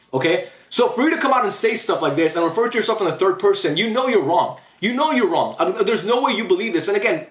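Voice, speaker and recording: A man's voice: high voice, a bit bright, roomy sound. A young man giving a blunt, opinionated football rant to camera for his channel, often saying "bro". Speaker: YouTube football commentator.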